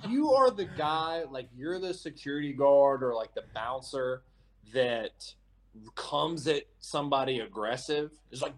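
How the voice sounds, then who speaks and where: A man guesting on a sports podcast, talking in animated casual chat with laughter and stammered restarts. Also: medium pitch, unhurried.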